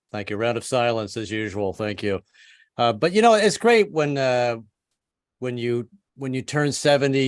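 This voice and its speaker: A man of seventy performing a stand-up comedy set over a video call, self-deprecating and halting, with many restarts. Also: medium pitch, no echo, studio quality. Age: 70s. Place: home setup on a video call. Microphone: computer mic on a video call.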